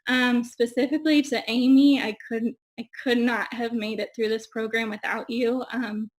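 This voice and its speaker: A woman's voice: fairly high pitch, level tone, moderate pace. Emotional young woman thanking people. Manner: many ums, getting teary. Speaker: graduating audiology student. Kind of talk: emotional thank-you speech on a video call. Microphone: video call.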